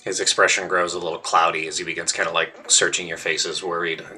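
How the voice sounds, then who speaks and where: A man's voice: low-pitched, level tone, fairly quick, sharp tone, soft background music. A man narrating as the game master of a tabletop game, describing scenes in a loose, filler-filled way.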